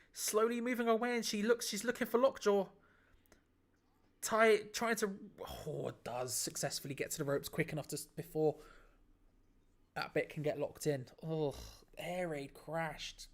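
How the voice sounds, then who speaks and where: Excitable man calling wrestling live. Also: sits high. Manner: excitable, laughs often, restarts phrases. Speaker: watch-along stream host. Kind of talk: live play-by-play reaction commentary.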